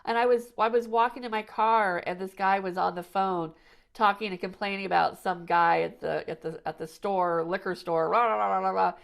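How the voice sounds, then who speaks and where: A woman hosts a podcast, talking casually and spinning long stories full of restarts and asides. Her voice has a gravelly, creaky texture, and she sits at a middle pitch. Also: fairly even intonation, moderate pace. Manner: chatty storyteller, lots of restarts and "you know". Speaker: podcast host. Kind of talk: casual conversational chat.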